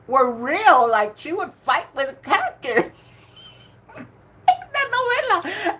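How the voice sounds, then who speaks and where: A woman's voice: high voice, very animated, slow, long pauses, a bit bright. An older woman hosting a casual livestream bingo game. She chats and laughs often, and greets her viewers by name. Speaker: livestream host running bingo. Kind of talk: casual live chat.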